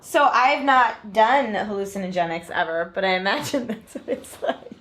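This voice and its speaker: A woman guest chatting casually, giggly and expressive as she reacts. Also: mid-range voice, normal speed, echoey room, a little hiss or hum. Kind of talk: casual chat.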